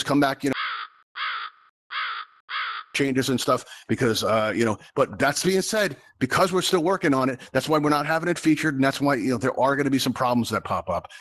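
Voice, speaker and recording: Male game show host, mid-pitched, quick talker, rambling showman patter aimed at the audience over a headset mic. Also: a bit bright. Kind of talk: live virtual event hosting.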